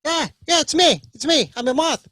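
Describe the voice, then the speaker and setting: A man voicing his dead older Filipino father, reborn as a moth, who talks eagerly and loudly and stumbles over his words. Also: very high-pitched, moderate pace, no echo, clean studio sound, pitched above the performer's own voice. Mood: eager chatty.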